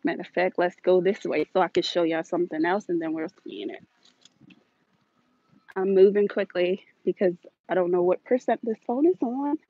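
Hurried woman streaming live from a store. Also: lowish voice, breathy edge, no room sound. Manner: chatty, hurried, addresses viewers directly. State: slightly out of breath. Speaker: deal-hunting vlog host. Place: inside a large retail store. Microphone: handheld phone. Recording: dull phone audio.

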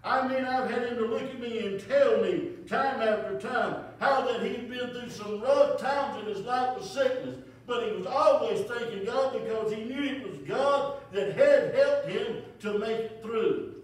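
Male pastor, high voice, preaching cadence swinging loud to hushed, distant mic in a booming church hall. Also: moderate pace. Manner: preaching cadence, rising to emphatic calls and falling to soft near-whispers. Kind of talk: funeral sermon. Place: church sanctuary. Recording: echoey church from far off.

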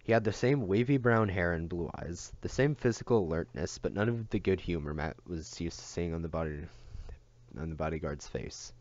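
Low-voiced man reading a novel aloud. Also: normal speed, no echo, lo-fi sound. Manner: steady reading with occasional self-corrections. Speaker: audiobook reader.

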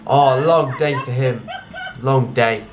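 Against a noisy background, a young British man speaks slowly at a medium pitch. He's a YouTuber reacting to clips, keeping the commentary casual and jokey, broken up by sudden exclamations.

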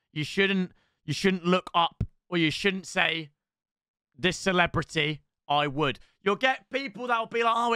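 A young man reacting to clips in casual commentary, excitable and quick to break into shouts. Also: sits high, clear, resonant tone, no echo, clean studio sound.

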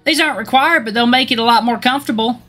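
A man's voice: extremely high pitch, quick pace, sharp tone, faint music behind, voice pushed up, full character voice. Man voicing a sugary, catty young woman. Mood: sweet. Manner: sugary, condescending. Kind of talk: video game dialogue read aloud.

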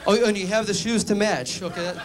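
Man on a club stage doing stand-up, slightly high-pitched, dry deadpan timing; live room noise underneath. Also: fast talker, a crowd in the background. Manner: deadpan joke delivery with mock phone-call bits. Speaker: stand-up comedian. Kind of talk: stand-up comedy routine.

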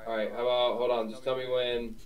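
A man's voice: medium pitch, flat delivery, fairly quick. A man, a musician guest on a video call, laid-back and speaking in short replies. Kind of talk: casual interview chat.

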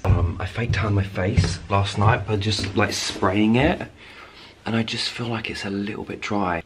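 A young man in a hotel room talking to camera in a casual travel vlog, gushing and excitable with lots of exclamations. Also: on the low side, unhurried, music in the background. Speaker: travel vlogger. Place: seaside hotel room, indoors.

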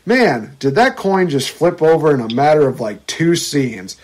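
A young man on a podcast in full rant mode, his voice swinging from low grumbles to sudden high outbursts. He swears freely and mocks what he dislikes, keeping his voice a touch higher than most men's. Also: moderate pace, hardly any pauses. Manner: animated, profane ranting with mocking quotes. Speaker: podcast co-host. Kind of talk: casual movie review chat.

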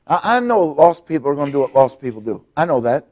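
A middle-aged male pastor preaching a sermon in a church, swinging between hushed, quiet passages and loud, emphatic ones. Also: a little high, very animated, quick pace. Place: church sanctuary.

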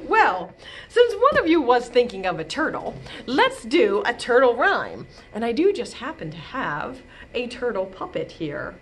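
A woman librarian leading a storytime for babies on a video call, reading aloud in a playful sing-song way with soft asides. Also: fairly high pitch, huge pitch swings, measured pace, slight background noise. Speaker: children's librarian.

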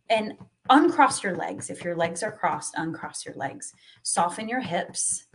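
A woman guiding a live tapping and meditation session, speaking slowly and soothingly and sighing between cues. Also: fairly low pitch, a little hiss or hum.

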